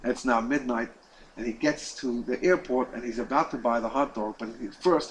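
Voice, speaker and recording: A man teaching a class as a rabbi, telling a story with lively delivery, repeating words and acting out the quoted lines. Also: medium pitch, moderate pace, slight background noise, low-quality recording. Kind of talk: storytelling lesson.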